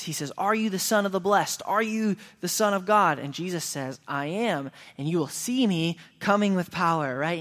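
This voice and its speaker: A man's voice: a little high, fairly bright tone. Man, pastor, preaching, earnest and emphatic, echoing church hall. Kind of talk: sermon. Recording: long reverb of a hall.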